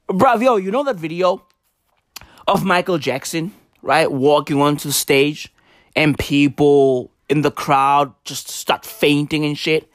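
A man with doing a profane, animated comedy rant. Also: sits high, no echo, studio quality. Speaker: commentator.

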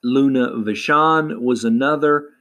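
Male recap host, casual and halting, unhurried delivery, plenty of filler words. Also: mid-range voice, a bit bright. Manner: halting, many fillers and restarts. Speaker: wrestling podcast host.

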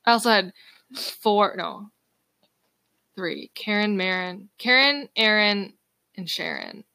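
A woman's voice: medium pitch, sing-song, slow, creaky, sharp tone, dry recording. Giggly young woman losing her voice. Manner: giggly and chatty. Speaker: podcast co-host. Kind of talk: casual chat.

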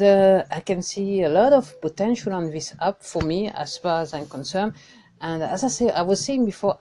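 A woman's voice: medium pitch, warm tone. A woman with a French accent, a singer-songwriter, casually introducing herself on a podcast, hesitant with many fillers and restarts. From France.

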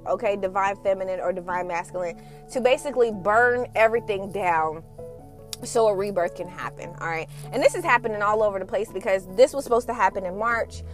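A woman hosting a casual spiritual podcast, talking in a blunt, sassy and profane way and laughing often. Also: fairly high pitch. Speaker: podcast host and twin flame coach.

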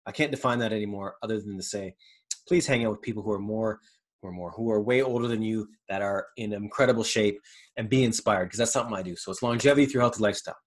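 A man hosting his own motivational podcast, talking casually and earnestly, rambling, pausing to search for words, and swearing freely. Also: on the low side. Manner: earnest and reflective. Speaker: podcast host. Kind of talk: motivational monologue.

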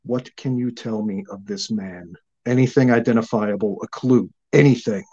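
A man's voice: lowish voice, moderate pace, warm tone, muffled recording, close to an everyday voice. A man voicing a stern, confident wizard who speaks in a cold, clipped way, in a storybook reading.

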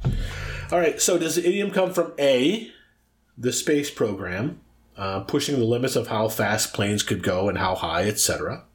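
A middle-aged man in relaxed podcast chat, teasing his co-host with a multiple-choice quiz. His voice sits in an ordinary middle pitch, and he talks in an easy, jokey way. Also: moderate pace. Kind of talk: casual chat.

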